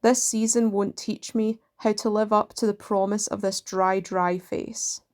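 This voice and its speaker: A woman reading poems aloud in a slow, measured way, pausing between lines. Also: mid-range voice, little pitch movement, darkish tone. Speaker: poetry reader.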